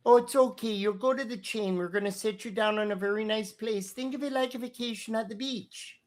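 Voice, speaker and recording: A game master voicing a pleasant, motherly octopus receptionist woman with an American Northwestern accent, sweet and gently chiding. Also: medium pitch, steady tone, a little fast, voice pushed up, lightly acted. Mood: cheerful.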